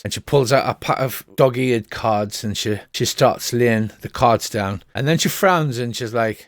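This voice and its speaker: A man in the game master's seat, narrating scenes with a joking touch and restarting his sentences as he goes. His voice is mid-pitched and sounds close and dry through an online call microphone. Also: moderate pace, few pauses, dry recording.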